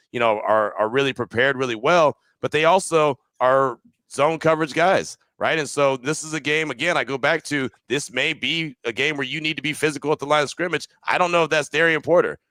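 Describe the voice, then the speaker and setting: Male podcast host, bright and forceful, dry close mic, analytical and conversational. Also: mid-range voice, dry recording. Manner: analytical, often ends points with "right?". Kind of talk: casual sports podcast talk.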